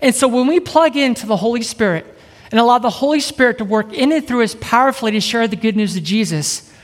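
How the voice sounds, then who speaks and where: A middle-aged man with a high voice, an evangelist giving an energetic sermon and keeping a live audience engaged. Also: fast talker. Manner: upbeat, keeps asking the crowd "right?". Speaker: evangelist preacher. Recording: reverberant hall.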